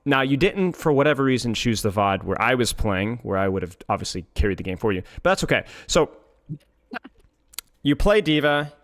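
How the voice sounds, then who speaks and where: A man's voice: mid-range voice, big pitch swings, moderate pace. A man coaching a player in a casual chat, joking and teasing as he goes. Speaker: game coach.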